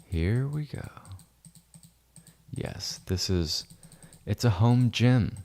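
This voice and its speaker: A man's voice: on the low side, animated, drawn-out words, a little mellow. A man chatting on a casual livestream while editing photos, joking and boasting in rambling asides, sometimes dropping to a whisper. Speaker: photo editor streaming his work.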